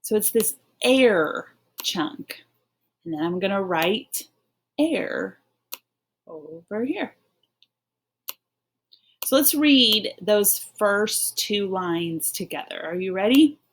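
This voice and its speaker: A woman teaching a phonics lesson online, taking her time over every word. She talks slowly and patiently, encouraging young readers as she reads a poem with them and points out its rhymes. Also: medium pitch, expressive, a little hiss or hum.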